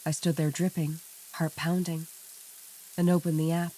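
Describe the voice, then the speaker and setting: A woman reading a first-person horror story aloud in a measured, somber storytelling manner. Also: low-pitched, level tone, warm tone. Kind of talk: scripted narration. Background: faint background music.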